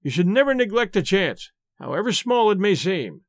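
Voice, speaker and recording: Boastful police detective, read by a man; high, lively, dry audiobook voice. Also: moderate pace, no echo, full character voice. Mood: pleased. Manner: self-satisfied, animated storytelling. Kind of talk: audiobook reading.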